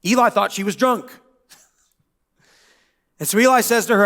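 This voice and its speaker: Casual young male pastor, high-pitched, joking, church sermon. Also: fairly bright tone. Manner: casual, joking preacher with quick asides.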